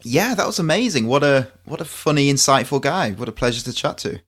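A man's voice: mid-range voice, lively intonation, fairly quick, a bit bright. Guy co-hosting a chatty podcast, cracks jokes, laughs a lot mid-sentence. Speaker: podcast co-host. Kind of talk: casual chat.

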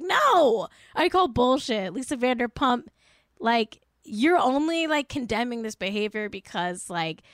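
A woman's voice: on the high side, no echo, clean studio sound. A woman giving exasperated, sarcastic commentary in a casual vlog, filling her talk with "like".

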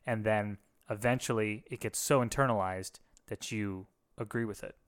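A man's voice: on the low side, steady tone, normal speed. A man, a former pastor, talking candidly and reflectively in a casual conversation, with frequent restarts. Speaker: podcast co-host, former pastor.

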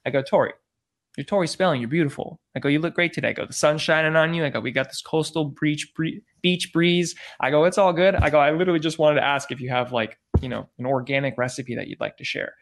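A man, a podcast guest, casually telling an animated story and acting out the dialogue, peppered with "like" and "I go". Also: fairly high pitch, quick pace. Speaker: podcast guest, former celebrity news field producer.

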